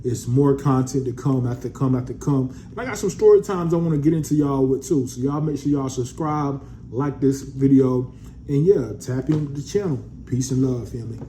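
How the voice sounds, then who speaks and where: A man's voice: mid-range voice, normal speed, mellow, slight background noise. A man in a casual vlog reviewing a fragrance, laid-back and slangy, calling his viewers family.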